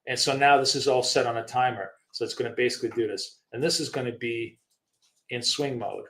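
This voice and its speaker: A man's voice: medium pitch, a little fast, fairly bright tone. A man hosting a live trading session, thinking aloud casually with many fillers, restarts and the odd swear word. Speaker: trading show host. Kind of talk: live trading screen-share commentary.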